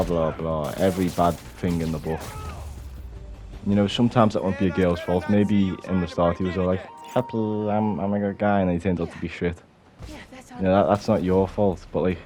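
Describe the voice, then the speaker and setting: A man's voice: sits low, a little mellow. A young man ranting bluntly to camera, swearing often and restarting his sentences. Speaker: vlogger. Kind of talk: unscripted rant to camera.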